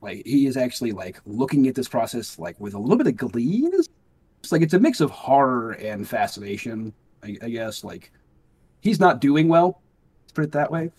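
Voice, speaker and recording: A man's voice: mid-range voice, big pitch swings, normal speed, a little mellow, husky. A man in casual chat, walking through a movie scene with many fillers and wry remarks. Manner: rambling, filler-heavy, wry. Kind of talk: casual chat reviewing a film.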